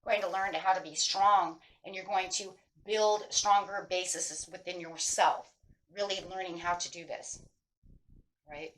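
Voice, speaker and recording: A woman's voice: fairly low pitch, steady tone, unhurried, rough recording. A woman tarot reader giving casual spiritual advice, earnest and emphatic, who keeps checking in with her listeners by asking "right?". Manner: earnest, emphatic, repeats key phrases.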